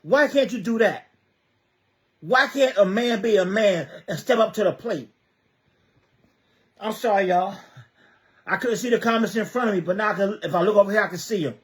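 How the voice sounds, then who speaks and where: A man's voice: high-pitched, moderate pace, long pauses. A man giving an impassioned livestream monologue, firing rhetorical questions, repeating himself and stammering as he reads viewer comments. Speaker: livestreamer speaking on community youth programs.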